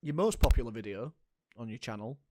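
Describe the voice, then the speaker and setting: A man hosting a casual interview, asking slow, hesitant questions. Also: mid-range voice, lively intonation, a little mellow, dry recording. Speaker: interviewer, host.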